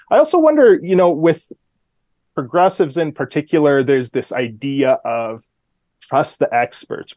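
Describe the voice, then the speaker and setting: A man talking as a guest commentator in a casual interview, relaxed and full of fillers, sometimes shifting his voice to quote people. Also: mid-range voice, no echo. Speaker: guest commentator on city politics.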